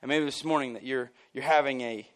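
A man preaching a sermon at a church service. His voice jumps high and loud on his points, then falls low and quiet. Between those points he drops in casual asides with a chuckle. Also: brisk, clean tone. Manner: animated and emphatic, swinging from loud bursts to near-quiet. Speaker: pastor.

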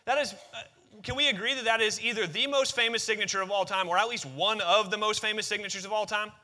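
Bright-voiced pastor preaching. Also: male voice, high-pitched, steady tone, fast talker. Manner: conversational, asks the congregation questions. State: out of breath after reading. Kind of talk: sermon with scripture reading. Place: church sanctuary with congregation. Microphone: microphone.

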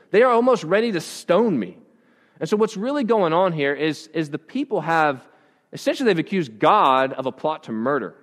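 A man's voice: high-pitched, big-room sound. A pastor preaching a conversational sermon to his congregation, often restarting his phrases. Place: church.

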